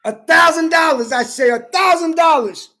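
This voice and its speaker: A woman vlogger delivering an angry, profane political rant to camera, taunting and repeating herself, rising to shouts at times. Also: very high-pitched, normal speed. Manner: profane, confrontational, repetitive taunting.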